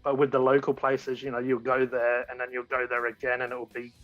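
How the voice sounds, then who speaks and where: Here a man speaks as a guest in a laid-back conversation, his medium-pitched voice completely flat and a little fast. He talks with enthusiasm but rambles, restarting often. Faint music sits behind him, and the lo-fi audio sounds dull.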